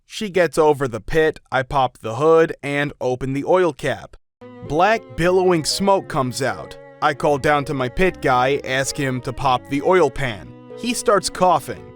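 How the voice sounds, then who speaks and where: Man, somewhat high voice, storytelling narration, faint background music. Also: lively intonation, measured pace. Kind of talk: reading customer stories aloud.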